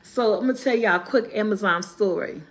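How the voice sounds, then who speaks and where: A woman vlogger, casually telling viewers a funny story, animated and laughing often. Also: fairly quick. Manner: animated, laughing often, rising into high squeals when quoting.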